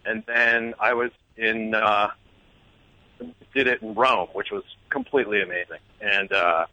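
A man's voice: lowish voice, steady tone, a little slow, pushed and bright, no room sound, muffled recording. A man calling in to a talk show and telling a rambling, self-deprecating story. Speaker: caller. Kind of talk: casual anecdote telling.

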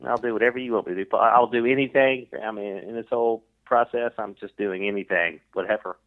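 Low-voiced earnest man over a tinny phone line. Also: fairly even intonation, fast, no echo. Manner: earnest, repeats his points. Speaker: podcast guest. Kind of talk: casual interview chat.

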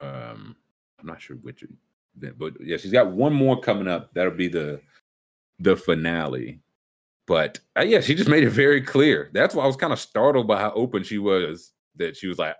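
Man, low voice, casual talk show chat, slangy, animated storyteller. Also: moderate pace, creaky.

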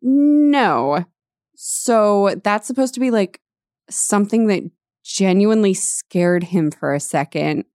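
A woman co-hosting a casual chat, animated and sarcastic, often laughing and reading passages aloud. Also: medium pitch, slow pace, dry recording, clean studio sound. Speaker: podcast co-host.

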